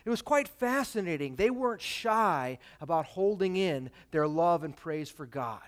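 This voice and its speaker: A male pastor preaching a sermon, reading scripture dramatically and swinging between loud emphatic peaks and quiet, dropped phrases. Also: fairly high pitch, animated, unhurried.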